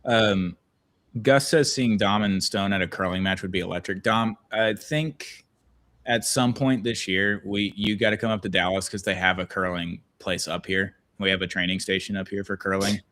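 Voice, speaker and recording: A man's voice: low-pitched, steady tone, normal speed, a bit bright. A man hosting a podcast watch-along, chatting casually and rambling as he reads out viewer comments. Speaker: podcast host.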